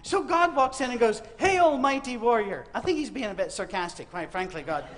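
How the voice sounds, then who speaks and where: A man's voice: high voice, very animated, brisk, fairly bright tone, a faint crowd, a little hiss or hum. A man giving a humorous sermon, telling a Bible story as comic stories and acting out the voices. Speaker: preacher. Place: university auditorium.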